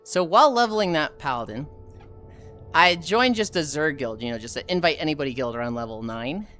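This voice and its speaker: A low-pitched woman streamer spins a casual story full of swearing. Her pitch rises and falls a lot as she acts out the people in it. Faint music sits in the background. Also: fairly quick. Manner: animated, profane, acts out voices.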